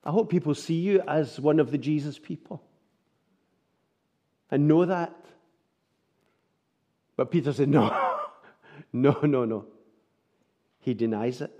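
A man's voice: fairly high pitch, unhurried, pauses often, mellow, dull audio. A man preaching a sermon, earnest and full of rhetorical tag questions.

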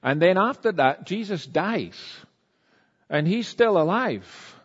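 A man preaching a sermon in a conversational, animated way, acting out the quotes he tells. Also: high voice, slow pace, breathy edge. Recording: dull sound with long reverb in a church hall.

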